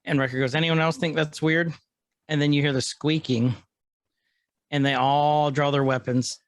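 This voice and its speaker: A man's voice: fairly high pitch, level tone, normal speed, dry recording. A man co-hosting a podcast, casually retelling episode scenes and quoting the characters. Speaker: podcast co-host.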